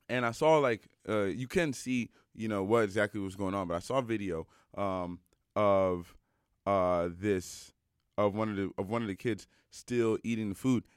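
A young adult man telling a personal story in a casual monologue, animated and emphatic, with many fillers. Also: on the low side, no room sound, clean studio sound.

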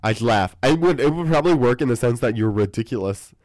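A young man co-hosting a campus radio talk show, spinning a funny story with lots of animation and slipping into other people's voices along the way. His pitch sits in an ordinary middle range. The studio sound is dry and close. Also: animated, fast, a little mellow, dry recording. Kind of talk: casual chat, storytelling. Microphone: studio microphone.

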